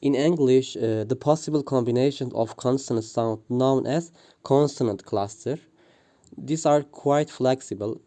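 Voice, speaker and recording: A man reads a prepared linguistics presentation, pausing often with "uh" and restarting words. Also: mid-range voice, mellow. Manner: hesitant, frequent "uh" fillers and restarts. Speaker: student presenter.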